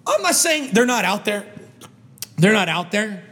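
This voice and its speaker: A vlogger man on an angry, foul-mouthed rant. His voice sits high and sounds bright and sharp. He keeps tripping over his words as he restarts his sentences in frustration. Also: very animated, measured pace. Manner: heated, swearing constantly, stumbling restarts.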